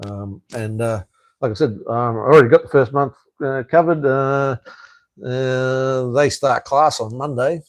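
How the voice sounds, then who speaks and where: A man's voice: mid-range voice, a little slow, dry recording. Swearing, rambling Australian man on a live stream. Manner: rambling, swears freely, frequent fillers and restarts. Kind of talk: casual live-stream chat reading viewer comments. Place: home in Cambodia.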